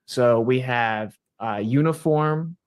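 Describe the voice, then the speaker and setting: A man's voice: medium pitch, slow. Man arguing a debate point. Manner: confident, explains step by step, checks with "right?". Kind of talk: debate argument.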